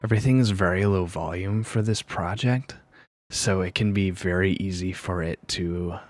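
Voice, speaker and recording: A streamer with a very low, deep voice quietly talks through his work in a soft-spoken ASMR manner. His intonation stays fairly even, and he pauses often, thinking aloud in a hushed, unhurried way.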